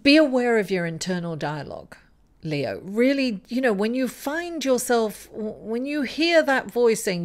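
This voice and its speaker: A woman's voice: a little high, animated, a little slow. A woman giving a weekly tarot reading to camera, encouraging and musing, who keeps calling the listener darling. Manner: musing, thinking aloud with fillers and restarts. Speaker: tarot reader.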